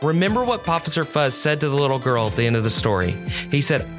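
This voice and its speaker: A storyteller narrating a children's police story at a measured, clear pace. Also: mid-range voice, sing-song, over music.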